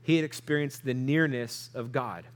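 A man's voice: mid-range voice, normal speed. A man preaching a sermon, reading scripture aloud and explaining it in an earnest, conversational way, asking the listeners questions. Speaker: pastor.

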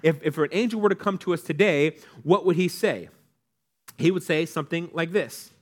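A pastor delivers a sermon in an easygoing, conversational manner, putting questions to the congregation and acting out the lines he quotes. His voice sits on the high side, and he speaks at a moderate pace.

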